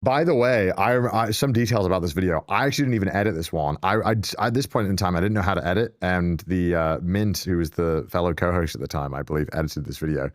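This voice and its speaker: A man's voice: sits low, fast, few pauses, no echo, clean studio sound. A young man from northern England reacting to his own old videos in casual, self-mocking commentary, swearing freely.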